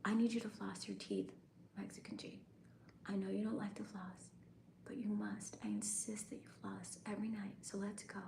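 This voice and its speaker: A woman doing a whispered role-play, voicing a soft-spoken woman who coaxes the listener through a bedtime routine. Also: mid-range voice, big pitch swings, normal speed, roomy sound. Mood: coaxing. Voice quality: breathy whisper.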